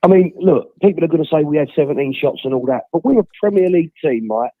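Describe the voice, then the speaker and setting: A man calling in while unwell, his voice high and husky. He rants bluntly about football in a phone-in. The sound is thin and phone-like, with a dry, close feel. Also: lively intonation, fast, no room sound. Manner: blunt, ranting football opinions. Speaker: caller. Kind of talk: phone-in rant. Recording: tinny phone line.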